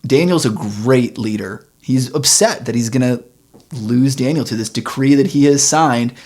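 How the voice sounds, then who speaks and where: A man co-hosting a church podcast, reading Bible passages aloud and retelling them in relaxed modern slang. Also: medium pitch, normal speed. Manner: relaxed, paraphrases the story in modern slang with chuckles. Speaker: podcast co-host. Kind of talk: casual Bible discussion, reading scripture aloud.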